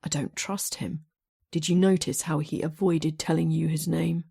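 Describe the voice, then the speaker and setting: A blunt, guarded bodyguard boyfriend, voiced by a woman narrating a romance audiobook. His lines come low and plain, with a mellow, slightly husky tone. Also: fairly even intonation, normal speed, exaggerated voice. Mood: wary. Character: protective, wary male bodyguard boyfriend.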